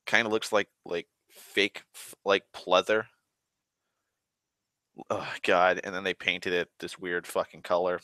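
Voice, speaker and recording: A man's voice: sits low, flat delivery, a little slow, bright, forceful tone, dry recording. A man rambling in a casual, profane monologue, ranting and complaining at length. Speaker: vlogger.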